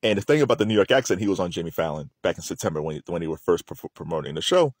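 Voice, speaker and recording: A man hosts a video, chatting loosely to the camera and laughing often in an animated way. His voice is low and he talks at a racing speed. The recording is dry and studio quality.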